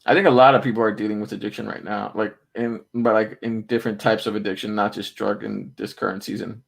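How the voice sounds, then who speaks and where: A man's voice: fairly low pitch, flat delivery, quick pace, gravelly. A man hosting a casual podcast, rambling in a laid-back way and swearing freely.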